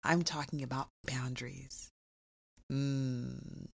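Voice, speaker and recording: Husky low-voiced woman podcast host. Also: steady tone. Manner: warmly emphatic, repeats phrases slowly for effect. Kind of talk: inspirational podcast talk.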